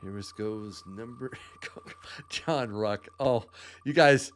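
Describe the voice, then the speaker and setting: A man's voice: fairly low pitch, takes it slowly, slight background noise. A man hosting a live podcast giveaway, upbeat and laughing often as he calls out winners' names. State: out of breath. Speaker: podcast host. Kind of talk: livestream giveaway chat.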